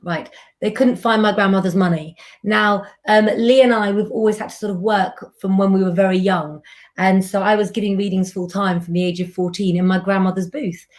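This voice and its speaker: A woman hosting a live tarot reading, talking gently and affectionately in a rambling way. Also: mid-range voice, steady tone, a little fast. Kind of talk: live streamed tarot reading, casual chat.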